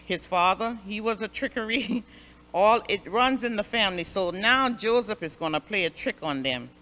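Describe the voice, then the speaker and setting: A woman Sunday school superintendent telling a Bible lesson as a story, expressive and repeating phrases for emphasis, in a church. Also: medium pitch, normal speed. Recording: long hall reverb.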